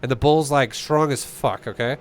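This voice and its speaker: A man's voice: medium pitch, normal speed. A young man giving blunt, profane, rambling coaching on a game. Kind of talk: casual game coaching commentary.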